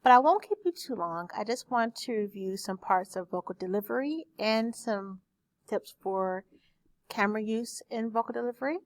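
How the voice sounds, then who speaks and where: A woman speech teacher recording a lecture for her class on a desktop microphone, explaining terms slowly with examples. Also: mid-range voice, no echo. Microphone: desktop USB microphone.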